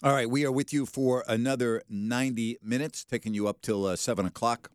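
A man's voice: medium pitch, fairly quick, clean tone, no room sound, studio quality. A man hosting a sports radio show, chatting casually and telling stories with laughter. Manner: animated storyteller, laughs while telling. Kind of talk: casual radio chat and storytelling. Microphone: studio microphone.

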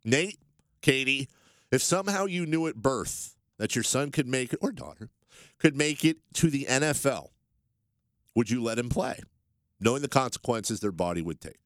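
A man's voice: mid-range voice, moderate pace, no room sound, clean studio sound. A man hosting a sports radio show, telling stories and joking with his co-hosts. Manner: jokey, animated storyteller. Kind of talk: casual sports radio banter.

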